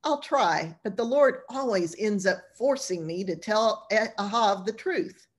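A woman's voice: medium pitch, expressive, unhurried. A woman voicing a weary, honest ancient male prophet in a storytelling lesson, speaking in a resigned, plainspoken way.

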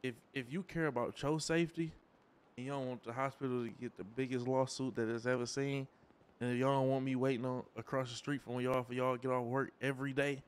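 Fast-talking, pushy man in game role-play. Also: fairly even intonation, clean tone. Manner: pushy, insistent, drops to low pleading. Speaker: streamer role-playing a character in a game. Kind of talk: casual role-play banter.

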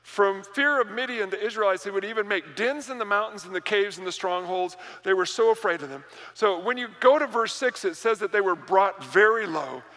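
A man delivers a sermon in a high, bright voice, animated and quick to repeat words as he builds each point. His voice rings out with the long reverb of a church hall. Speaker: pastor. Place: church sanctuary.

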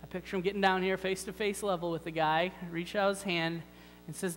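A man's voice: sits high, little pitch movement, a little fast, a bit bright, big-room sound, soft background music, low-quality recording. A man preaching a sermon in a church, talking in a conversational, wry way with many rhetorical questions. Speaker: pastor. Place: church sanctuary.

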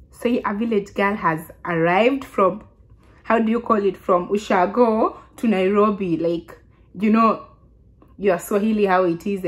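A Kenyan woman in her twenties telling a casual story to her vlog audience, chatty and animated, often restarting her sentences. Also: on the low side. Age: 20s. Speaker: vlogger.

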